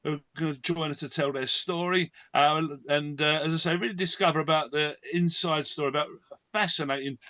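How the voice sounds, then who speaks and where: A man's voice: fairly high pitch, steady tone, fairly quick, sharp tone, no room sound. A man hosting an online event presentation, talking with lots of fillers and restarts. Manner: hesitant, many fillers and restarts. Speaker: host.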